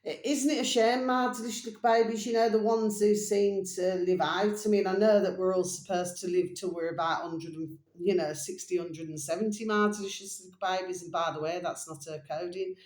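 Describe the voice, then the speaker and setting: A woman's voice: on the low side, steady tone, a little mellow. Rambling, echoey woman vlogger. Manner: rambling, repeats phrases and spells out titles slowly; fond pet phrases to viewers, sombre tone. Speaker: channel host. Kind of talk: casual video commentary.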